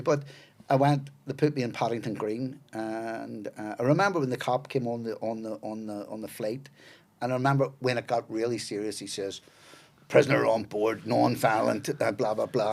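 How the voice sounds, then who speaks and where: A man's voice: medium pitch, fairly quick, darkish tone. A middle-aged man, a podcast guest telling rambling, profane anecdotes. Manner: swears freely, rambling anecdotes with fillers. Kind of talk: casual storytelling.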